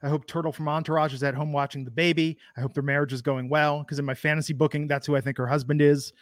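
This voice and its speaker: A high-pitched man co-hosts a casual chat. He riffs with a joking, sarcastic edge. His voice sounds dry and close, with no room around it. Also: flat delivery, fast, no echo. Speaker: podcast co-host.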